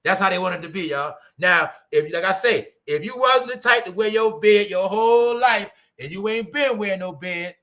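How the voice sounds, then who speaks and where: A man hosting his own commentary channel, ranting in a loud, mocking, repetitive way with slang. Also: high-pitched, moderate pace, few pauses.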